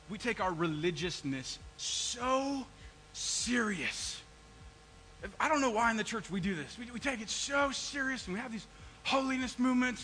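Guy preaching in church, pretty high voice, bright and punchy, acts out what people say to god. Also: poor audio. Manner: animated, voices people's complaints to God, asks the congregation questions. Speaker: pastor. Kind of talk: sermon.

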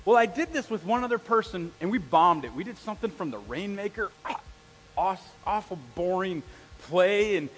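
A man's voice: high-pitched, moderate pace. A middle-aged man preaching a sermon, telling a story and acting out quoted voices as he addresses the congregation. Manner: animated, acts out quoted voices, talks to the congregation. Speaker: pastor. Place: church hall. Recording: long hall reverb in a church.

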